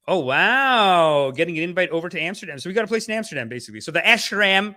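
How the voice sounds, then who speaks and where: A young man hosts a livestream, rambling playfully and chatting casually with his viewers. His voice sits a little high and sounds expressive and bright, with a quick pace and a forceful tone.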